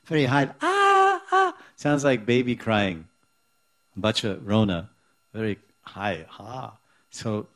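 A man giving a devotional lecture, explaining scripture in a halting, searching way with many restarts. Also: lowish voice. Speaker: spiritual teacher.

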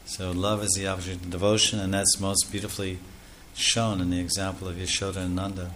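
Man giving a sermon, kinda low voice, explains step by step, faint background noise. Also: level tone, a little fast, a bit bright. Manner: explanatory, with many Sanskrit terms and lists. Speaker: preacher.

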